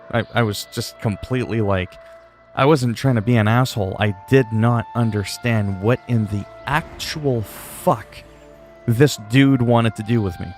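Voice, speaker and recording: A man's voice: mid-range voice, measured pace, soft background music. A man in his forties chatting casually on a game livestream, rambling, with crude joking asides. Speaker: game streamer.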